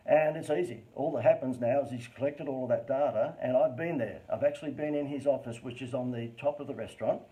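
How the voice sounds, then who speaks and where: A man with an Australian accent giving a live-streamed business talk as a marketing presenter, with animated, over-the-top inflection and chatty, informal asides. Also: mid-range voice, quick pace, few pauses, poor audio.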